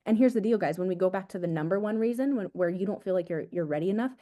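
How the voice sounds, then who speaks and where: A young woman, an agency owner, gives an energetic, casual motivational talk to her team over a video call, repeating her points and calling them "guys". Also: mid-range voice, racing. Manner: energetic, repetitive, casual slang like "dude" and "guys".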